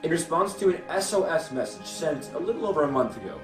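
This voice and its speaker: Hesitant game master, off-mic. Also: male voice, a little high, very animated, fast, distant mic. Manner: hesitant, many ums, laughs often. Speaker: game master and podcast host. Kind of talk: narrating a tabletop game. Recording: echoey room, voice from off-mic, faint music.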